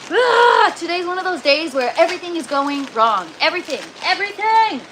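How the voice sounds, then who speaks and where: A woman's voice: very high-pitched, expressive, quick pace, noisy background. A young woman hosting a casual livestream from an indoor grow tent, venting that she is annoyed while greeting viewers. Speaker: livestream host.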